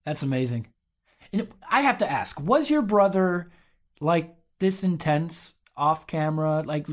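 An interview host with a middle-pitched voice who asks long, eager questions. The host also reads prepared fan questions aloud in a steady way.

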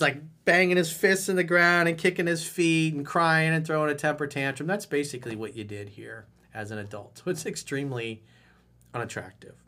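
A man's voice: a little high, pushed and bright. A middle-aged male dating coach giving blunt, frank advice in a monologue, acting out quotes along the way.

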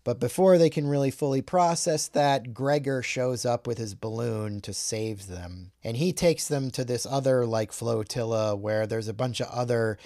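A man's voice: mid-range voice, normal speed, few pauses, mellow, dry recording, clean studio sound. A man casually recapping a film plot on a podcast, swearing and rambling. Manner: profane, rambling recap with quoted asides. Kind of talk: casual chat.

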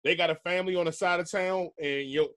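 A man in the host's seat of a loose music conversation, talking in a relaxed, slangy way. His voice sits a little high for a man, and he laughs easily between thoughts. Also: fast talker. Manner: laid-back slangy talk, laughs often. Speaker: podcast host. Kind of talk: casual chat.

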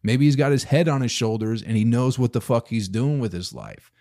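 A man's voice: medium pitch, animated, brisk, mellow. A man in his thirties hosting a solo podcast, rambling through a story and ranting with profanity, rhetorical questions and sudden bursts of emphasis. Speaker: podcast host. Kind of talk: casual solo podcast rant.

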